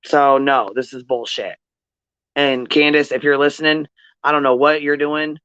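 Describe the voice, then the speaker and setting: A man's voice: on the high side, flat delivery, moderate pace, sharp tone, clear, resonant tone. A man hosting a commentary channel, venting in an angry rant with heavy swearing and repeated phrases. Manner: angry, profane, repetitive. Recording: dull lo-fi audio.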